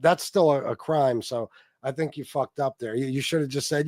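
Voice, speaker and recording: Man, livestream host, slightly high voice, dry close sound, sarcastic, cursing. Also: fairly even intonation, moderate pace, darkish tone, no echo. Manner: profane, laughing, sarcastic. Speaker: livestream host reacting to a video. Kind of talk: casual mocking commentary.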